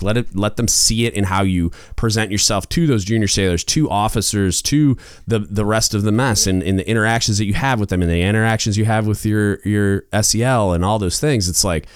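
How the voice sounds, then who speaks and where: Low-voiced guy on a podcast, fired up and rambly, smooth dry sound. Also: dry recording. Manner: passionate, emphatic, loud at times; rambling with many restarts and fillers. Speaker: podcast host. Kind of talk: advice monologue.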